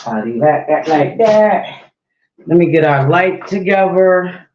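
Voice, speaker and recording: A woman's voice: on the low side, lively intonation, takes it slowly, a little mellow, a little hiss or hum. A woman hosting her own livestream in a casual, chatty way, talking straight to her viewers. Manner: chatty, repeatedly addresses viewers directly. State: slightly out of breath. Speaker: livestream host. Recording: dull lo-fi audio.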